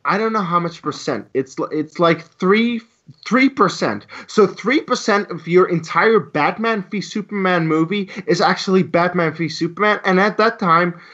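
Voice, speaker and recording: A man's voice: high voice, moderate pace. A man co-hosting a podcast, ranting heatedly with a lot of swearing. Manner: heated, profane, animated ranting. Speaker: podcast co-host. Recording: lo-fi dull sound.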